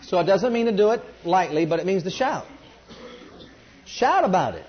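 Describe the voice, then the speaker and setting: A man's voice: high voice, quick pace, lo-fi sound. A man preaching a sermon and calling on the congregation to join in. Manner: emphatic, calls on the congregation to respond.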